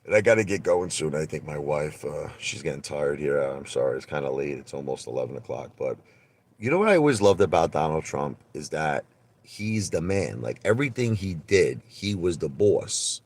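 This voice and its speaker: A man chatting casually on a live stream, rambling and animated as he tells stories. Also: rumbling low, moderate pace. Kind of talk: rambling casual livestream chat.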